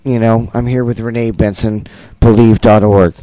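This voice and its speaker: A man's voice: lowish voice, level tone, normal speed, mellow, no echo. A middle-aged man, a concert producer, talking earnestly and repetitively in a festival interview.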